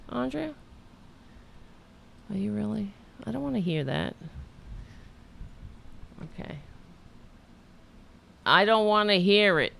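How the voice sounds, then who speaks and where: A woman's voice: low-pitched, vocal fry, fairly bright tone. A middle-aged woman hosting a show, rambling, swearing and mocking herself in a casual chat. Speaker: podcast host. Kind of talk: casual self-deprecating chat after an interview.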